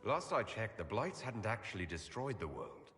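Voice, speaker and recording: Dry, steady male leader. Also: lowish voice, moderate pace, noisy background. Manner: calm, dry, direct. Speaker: player character, leader. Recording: game audio with long reverb and ambience.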